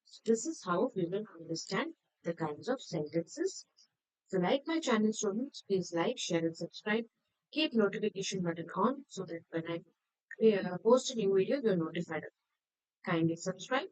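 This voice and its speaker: A woman's voice: medium pitch, lively intonation, normal speed, a little mellow, no room sound, poor audio. A woman teacher going through a grammar worksheet, explaining each answer step by step in a methodical way.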